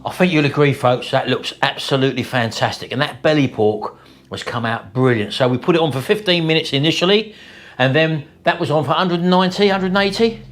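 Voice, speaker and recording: A man's voice: fairly high pitch, fairly quick, fairly bright tone, faint music behind. Chatty man hosting a kitchen vlog. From England. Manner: chatty, enthusiastic, keeps addressing viewers as folks. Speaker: cooking channel host. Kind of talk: casual cooking vlog chat. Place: home kitchen.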